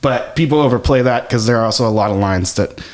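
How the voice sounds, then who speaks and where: A man's voice: mid-range voice, fast talker. A man who is a Shakespearean actor, chatting as a podcast guest and explaining at length with lots of fillers and restarts. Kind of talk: casual podcast chat.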